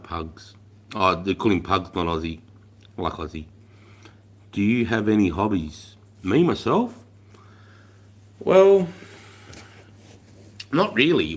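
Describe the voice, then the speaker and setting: Hosting a casual livestream, a very deep-voiced Australian in his forties rambles along, swearing freely and calling everyone mate. His sentences often drop away into a quieter mutter.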